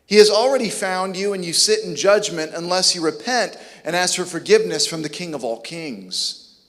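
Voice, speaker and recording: A man's voice: a little high, long reverb tail. A man preaching a sermon, emphatic and repeating key words for effect.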